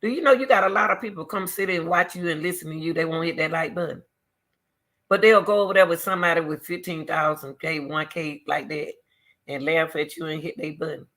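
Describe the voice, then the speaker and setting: A middle-aged woman talking straight to her viewers in casual commentary, reading scripture between emphatic, repeated remarks in a loud, teacherly way. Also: low voice, fairly quick. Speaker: YouTuber.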